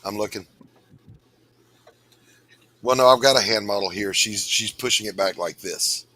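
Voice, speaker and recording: A man's voice: fairly low pitch, a little slow, bright, forceful tone. A man, a comic book artist, chatting laid-back on a livestream while he draws, often muttering. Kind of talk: casual livestream chat.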